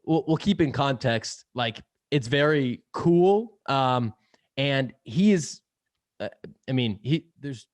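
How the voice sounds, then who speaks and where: A man's voice: mid-range voice, lively intonation, slow pace, no room sound. A young man speaking as a podcast guest in casual interview chat, rambling with lots of fillers, laughing often and swearing casually. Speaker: podcast guest, sales podcast host.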